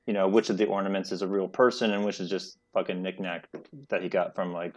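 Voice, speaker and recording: A man's voice: low-pitched, level tone, fast. A man in casual chat, recapping a film plot in a rambling way with casual swearing. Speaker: podcast co-host.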